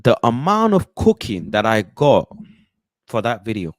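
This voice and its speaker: A man from the UK hosting casual football chat, animated and slangy, often breaking into chants and impressions. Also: mid-range voice, measured pace, no echo. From United Kingdom. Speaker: football channel host.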